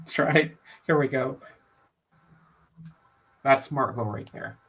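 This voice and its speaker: A man's voice: medium pitch, slow, slightly rough, low-quality recording. A man on a video call with a headset, chatting casually and acting out the people in his stories. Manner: animated storyteller who acts out quoted speech.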